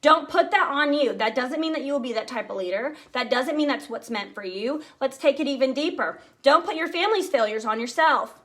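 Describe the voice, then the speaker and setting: Woman team director, high voice, lively and chatty, rallying her team. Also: brisk, hardly any pauses. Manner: energetic, chatty, addresses listeners directly. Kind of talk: motivational team talk.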